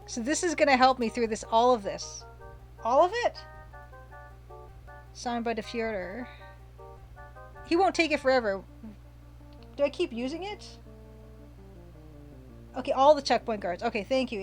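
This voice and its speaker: A woman's voice: fairly high pitch, animated, moderate pace, long pauses, faint music behind. A woman casually commenting while streaming a retro game, chatting, reading viewer comments aloud and gushing over the pixel art.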